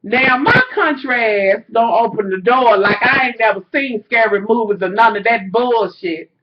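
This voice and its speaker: Loud, animated woman vlogger. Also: on the high side, moderate pace. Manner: loud, animated storytelling, heavy cursing, slangy. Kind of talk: casual storytime chat to camera. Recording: slightly dull lo-fi home recording.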